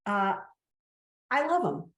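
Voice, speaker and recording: An older woman co-hosting an interview, chatty and halting with fillers. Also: mid-range voice, big pitch swings, fairly bright tone. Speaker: co-host. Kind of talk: casual interview chat. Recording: roomy echo.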